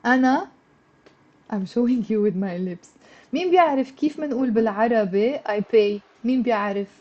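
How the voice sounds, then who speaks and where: A woman's voice: a little high, very fast. A woman with a Lebanese accent teaching a live online Arabic lesson. She keeps asking students to repeat after her and answer. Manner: coaxing, asks for student replies. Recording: dull lo-fi livestream audio.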